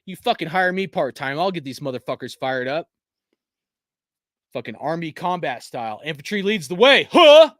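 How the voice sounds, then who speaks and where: A man's voice: fairly high pitch, lively intonation, moderate pace, fairly bright tone, dry recording, clean studio sound. A man hosting a fan channel, ranting in a casual, heated and profane way, with many restarts. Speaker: sports fan channel host.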